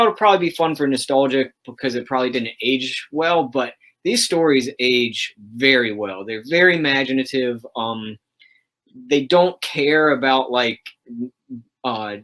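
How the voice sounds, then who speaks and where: A man's voice: medium pitch, a bit bright. Enthusiastic man chatting about comics. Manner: rambling, enthusiastic, many fillers. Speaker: host of a livestream. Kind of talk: casual chat about comics.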